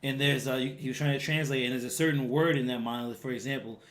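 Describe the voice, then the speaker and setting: A man's voice: medium pitch, fairly even intonation, fast talker. A man co-hosting a casual podcast, laid-back and enthusiastic when he talks about games. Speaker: podcast co-host. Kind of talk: casual chat.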